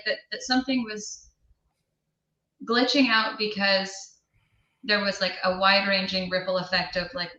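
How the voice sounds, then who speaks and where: A woman co-hosting a casual pop-culture podcast, chatty and quick to giggle. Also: a little high, bright, forceful tone. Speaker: podcast co-host. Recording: roomy, muffled lo-fi recording.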